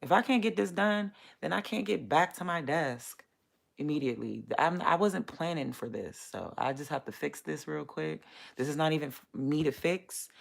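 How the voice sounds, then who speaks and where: A woman's voice: low voice, moderate pace, creaky. A woman vlogging from home, a small business owner venting in a blunt, profane, rambling way. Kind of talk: casual venting vlog.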